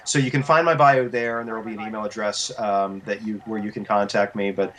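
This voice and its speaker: A voice actor and coach giving advice as an interview guest, animated and explanatory, restarting his sentences often. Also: fairly low pitch, a little fast.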